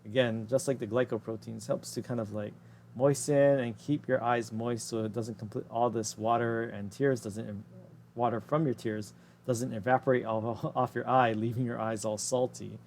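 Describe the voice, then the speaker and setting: A male anatomy instructor walks through a slide in a relaxed, conversational lecture, breaking off to correct himself and toss in asides. His pitch sits in a normal middle range. A faint hiss of noise stays under the voice. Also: creaky. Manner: casual, self-correcting explanations with quick asides. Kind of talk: recorded lecture over slides.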